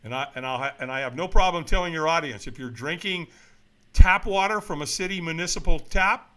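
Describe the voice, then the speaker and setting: Forceful, emphatic man in his seventies. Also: a little high, brisk. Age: 70s. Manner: emphatic, preachy, blunt motivational delivery. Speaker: guest. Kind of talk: casual interview talk.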